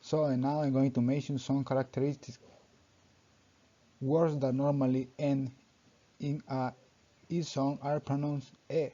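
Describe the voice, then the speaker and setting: A young man reading a class presentation aloud, halting and often restarting his sentences with "so", in a dull lo-fi recording. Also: medium pitch, little pitch movement, mellow. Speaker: student presenter.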